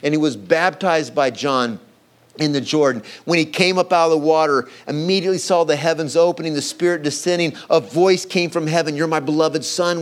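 A man preaching a sermon, reading scripture aloud and acting out the quoted voices with dramatic emphasis. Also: on the high side. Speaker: pastor.

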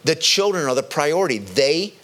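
A man preaching a sermon, stressing key words and slowing down to drive his points home. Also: big pitch swings, fairly bright tone. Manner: emphatic, rises in pitch on key words, slows to stress points.

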